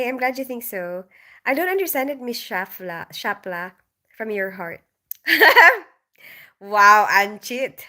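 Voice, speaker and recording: A woman's voice: on the high side, a bit bright. A woman in her thirties who grew up in the Philippines, hosting a casual livestream, reading out viewers' comments and greeting them by name in a friendly way. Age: 30s. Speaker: livestream host.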